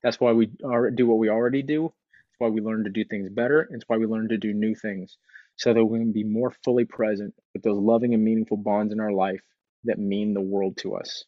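A man's voice: fairly low pitch, little pitch movement, fairly quick, no room sound, phone-quality sound. A man giving an earnest motivational talk about changing his habits, speaking conversationally and repeating phrases for emphasis. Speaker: speaker sharing recovery story.

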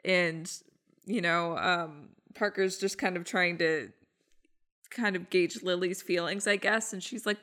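A woman's voice: unhurried, fairly bright tone. A woman hosting a podcast, chatting casually through an episode recap and acting out quoted lines. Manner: chatty, acts out lines with pitch jumps. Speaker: podcast host.

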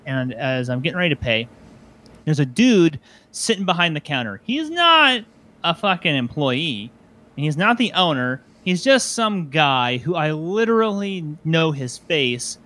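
A man's voice: fairly high pitch, a bit bright. A man co-hosting a casual podcast chat, telling a story with lots of swearing and mocking voices. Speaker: podcast co-host.

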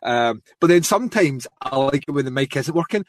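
Scottish man telling an animated story. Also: medium pitch, brisk, no room sound, clean studio sound. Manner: animated storyteller, swears freely, mimics others. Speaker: podcast co-host. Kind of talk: casual chat.

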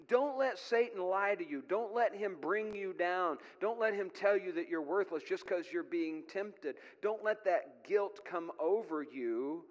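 High-voiced preacher in an echoing hall. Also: male voice. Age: middle-aged. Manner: earnest preaching with folksy asides. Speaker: pastor. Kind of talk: sermon.

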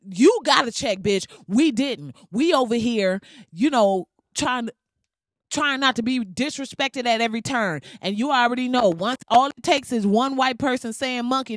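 A woman's voice: fairly high pitch, fairly bright tone, dry recording, studio quality. A woman giving a heated, profane commentary rant to camera, blunt and swearing freely. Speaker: vlogger.

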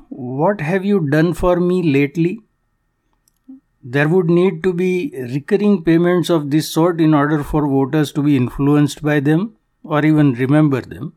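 A man with a slightly higher-than-usual voice reads a scripted political commentary. He is formal and measured, with a dry wryness that runs through his careful phrasing. He comes from Canada. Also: darkish tone. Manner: formal, measured, dryly wry.

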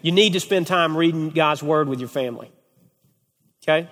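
With a fairly high pitch and a moderate pace, a man who serves as a family pastor delivers a sermon to a group of men, and a long reverb tail follows his words. His storytelling is animated, punctuated by repeated "okay?"

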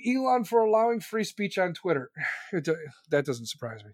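A man hosting a podcast, ranting angrily about politics with constant swearing and shouted questions. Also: high voice, very animated, moderate pace, dry recording, studio quality. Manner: profane, furious, shouting questions. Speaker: podcast host. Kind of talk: angry political rant.

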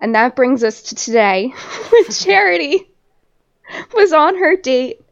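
A woman hosting a podcast, retelling a TV episode in animated, laughing casual chat. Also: high voice, takes it slowly, gravelly, highs cut off. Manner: animated storytelling, laughs often. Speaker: podcast host.

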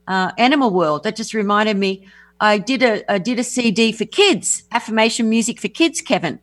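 A woman's voice: mid-range voice, animated, moderate pace, fairly bright tone. A woman guest on a radio talk show, talking enthusiastically about her music and teachers, often restarting her sentences. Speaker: guest, affirmation music artist. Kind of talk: casual radio interview.

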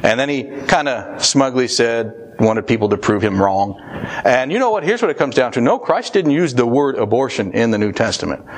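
A man's voice: mid-range voice, lively intonation, moderate pace. Man preaching with rising emphasis. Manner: reads scripture aloud, then preaches with rising emphatic stresses. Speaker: pastor. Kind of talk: sermon.

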